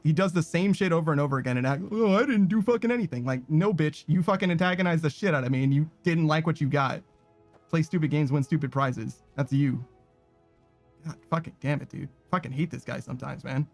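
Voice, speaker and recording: A man's voice: on the high side, gravelly, no room sound. A man giving casual, profane, sarcastic commentary while playing a video game. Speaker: gaming streamer.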